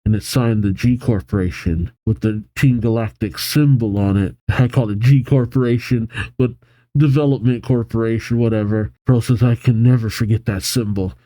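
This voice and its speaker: A man hosting a manga reaction, reading the panels aloud and commenting with animated excitement. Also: medium pitch, normal speed, no room sound, poor audio. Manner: animated, reads character lines with excitement, laughs often.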